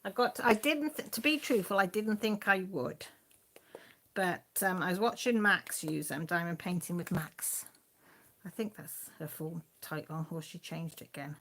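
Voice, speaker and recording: A woman's voice: lowish voice, moderate pace, fairly bright tone. A woman hosting a casual live stream from home, rambling chattily to viewers and her dog, filmed on a phone. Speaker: crafting channel host. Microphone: phone filming.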